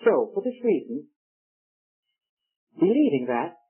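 A man preaching a sermon with a husky, slightly raised voice, leaning hard on key words. The recording is narrow and tinny, like an old phone line. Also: sits high, very animated, takes it slowly. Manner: emphatic, rising on key words.

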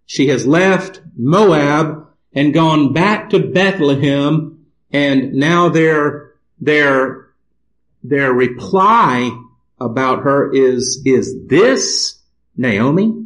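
A man preaching a sermon, reading scripture aloud and explaining it in a slow, deliberate manner. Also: a little high, fairly bright tone, low-quality recording.

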